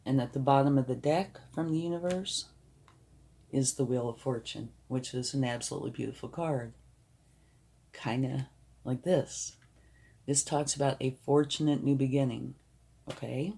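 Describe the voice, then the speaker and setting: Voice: mid-range voice, fairly even intonation, normal speed, vocal fry, pauses often, warm tone, breathy edge. A tarot card reader giving a reassuring, emphatic reading, sometimes dropping to a whisper for emphasis.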